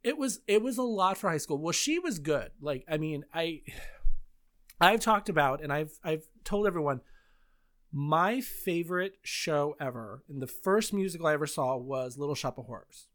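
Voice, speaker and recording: A woman in her thirties hosting a casual podcast chat, telling stories in an animated way with frequent laughs and sudden high squeals. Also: normal speed. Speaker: podcast host.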